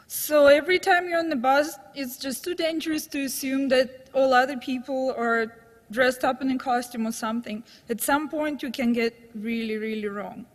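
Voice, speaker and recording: A woman with a high voice tells wry, anecdotal true stories to a live audience. Her voice carries a long reverb from the hall she performs in. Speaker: storyteller. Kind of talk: live true-story telling. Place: stage in a hall.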